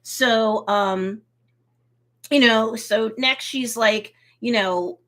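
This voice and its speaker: Woman, show host, casual episode review, fairly high voice, lively recap, motherly advice. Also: very slow. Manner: lively recap, acting out characters' reactions.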